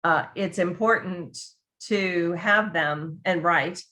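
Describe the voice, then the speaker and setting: A woman's voice: lowish voice, slow pace, pushed and bright. A woman who writes on dementia care, giving a conversational talk with frequent restarts and acted-out quotes. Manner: chatty, frequent restarts, acts out quoted voices. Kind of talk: conversational presentation.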